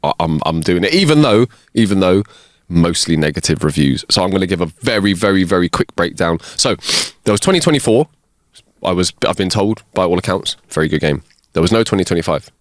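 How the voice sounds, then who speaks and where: Guy with a lowish voice, bouncy and jokey, cracking up a lot, dead dry mic. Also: animated, a little fast, no room sound. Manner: jokey, laughs often, restarts sentences. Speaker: podcast co-host. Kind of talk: casual chat.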